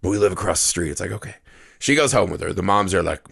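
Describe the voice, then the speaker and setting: A man's voice: deep voice, fast, vocal fry, slightly rough. A man co-hosting a casual movie podcast, ranting and swearing as he picks apart a film. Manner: profane, ranting, animated. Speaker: podcast co-host. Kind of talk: casual movie review chat.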